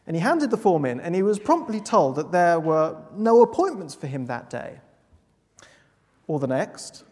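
An unhurried preacher gives a sermon with a lively, rising and falling voice. The delivery is earnest and emphatic, and key words land after weighty pauses. The voice carries a long reverb from a large hall. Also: medium pitch.

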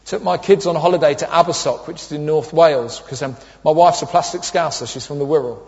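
High-voiced preacher in an echoey hall. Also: male voice, darkish tone, highs cut off. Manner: humorous storytelling with acted quotes. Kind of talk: sermon.

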